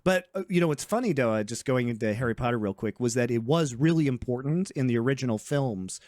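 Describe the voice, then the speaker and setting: A man's voice: mid-range voice, expressive, a little mellow, dry recording, clean studio sound. Opinionated man co-hosting a podcast. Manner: opinionated, laughs often, quick restarts. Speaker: podcast co-host. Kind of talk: casual chat.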